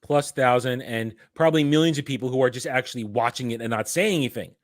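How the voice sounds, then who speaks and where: Male commentary host, animated ranting delivery, dry close mic, mid pitch. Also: fast, dry recording. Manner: ranting, animated, frequent restarts. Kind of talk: casual commentary chat.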